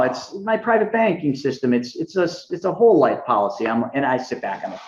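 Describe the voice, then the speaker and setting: A man's voice: fairly high pitch, quick pace, hardly any pauses, echoey room, dull audio. A man speaking as a podcast guest, telling stories energetically and acting out the dialogue. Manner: energetic, acts out quoted dialogue in a raised voice. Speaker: guest, money mentor. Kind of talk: animated storytelling interview.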